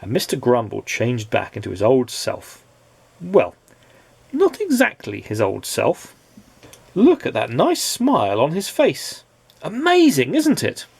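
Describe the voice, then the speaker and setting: A man reading a children's storybook aloud as a dad, in an expressive storytelling way. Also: mid-range voice, unhurried, vocal fry, slightly rough, no echo.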